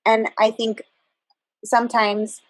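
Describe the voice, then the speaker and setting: A woman's voice: a little high, flat delivery, slow, no echo, poor audio. A woman in a book club discussion, speaking in an earnest, reflective way. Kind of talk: casual group discussion.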